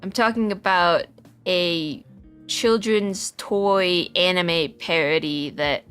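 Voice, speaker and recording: A woman's voice: on the low side, takes it slowly, a bit bright, clean tone, faint music behind. Giggly, rambling streamer woman. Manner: rambling, giggly, many restarts. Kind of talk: casual live-stream chat.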